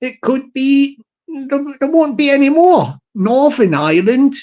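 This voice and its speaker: A man's voice: very high voice, expressive, a little slow, dark tone, muffled recording. A man from Southwest England, chatting casually on a livestream in a rambling, jokey way that keeps circling back on itself. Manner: rambling, jokey, repeats himself.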